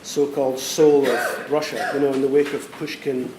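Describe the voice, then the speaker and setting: A man's voice: mid-range voice, little pitch movement, normal speed. Hesitant man speaking in an echoey room. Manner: hesitant, with many fillers and restarts. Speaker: guest writer. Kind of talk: literary conversation at a public event. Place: university event room. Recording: echoey room with faint noise.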